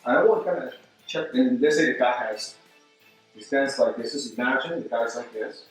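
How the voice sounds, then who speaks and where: A man's voice: mid-range voice, normal speed. A man coaches a demonstration lesson in broken English, repeating words as he shows each move. His voice sits well back from the mic and rings through a very echoey indoor room. Faint music plays behind him. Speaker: martial arts instructor. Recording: roomy echo, mic at a distance, faint music.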